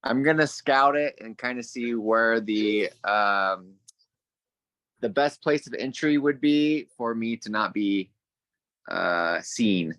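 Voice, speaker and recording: A man playing in a tabletop game, talking in an unhurried, hesitant way with fillers. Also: medium pitch, expressive, a bit bright, dry recording. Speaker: player. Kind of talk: casual tabletop play.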